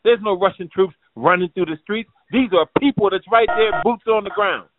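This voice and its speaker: A man's voice: high voice, a little fast, over music. A man hosting a show, ranting in a combative, profane, rambling way. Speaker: show host. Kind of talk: ranting commentary. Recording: tinny phone-like, dry sound.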